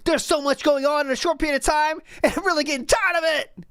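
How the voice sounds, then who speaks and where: A woman's voice: high-pitched, steady tone, quick pace, fairly bright tone, no echo, clean studio sound, pitched above the performer's own voice. A woman voicing a frazzled male gamer who rants and whines at length, in an exaggerated mocking tone. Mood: whiny mockery.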